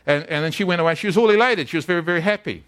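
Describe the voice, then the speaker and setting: A man's voice: a little high, racing, a bit bright. A man preaching a sermon as a pastor, telling stories earnestly and often repeating his words.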